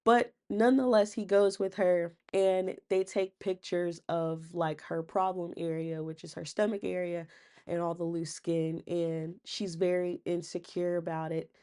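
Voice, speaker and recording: A young woman with a slightly low voice talks through a reality show episode in a chatty, sassy way. Her slangy side comments keep the retelling loose and playful. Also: steady tone, a little slow, darkish tone, clean tone. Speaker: recap channel host. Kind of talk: casual TV recap monologue.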